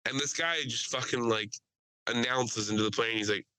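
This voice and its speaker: Podcast host, man, bright forceful voice, dry close sound, crude animated storytelling. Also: medium pitch, moderate pace, clean tone, no room sound, low-quality recording. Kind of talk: casual storytelling chat.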